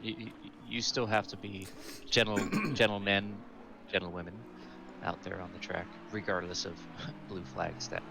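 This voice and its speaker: Measured, fairly low co-commentator. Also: male voice, fairly even intonation, vocal fry. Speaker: sim racing co-commentator. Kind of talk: live esports race commentary. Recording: noisy stream audio.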